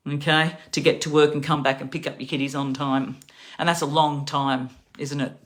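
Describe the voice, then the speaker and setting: A woman's voice: low-pitched, a bit bright. A middle-aged woman with an Australian accent, ranting angrily and profanely about politics to her viewers, sounding tired. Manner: angry, profane, rambling. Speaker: livestreamer. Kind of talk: political rant to camera.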